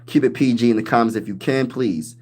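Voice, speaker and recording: A man hosting a casual sports livestream, hyping his team with loud trash talk and reading viewers' comments aloud. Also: mid-range voice, fairly quick, breathy edge. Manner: hyped trash talk, reads chat aloud. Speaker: livestream host.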